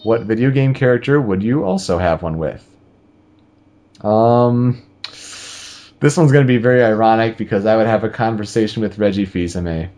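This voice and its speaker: A man's voice: lowish voice, moderate pace, a little mellow. A man hosting a casual gaming podcast over a video call, joking and laughing often. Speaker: podcast host.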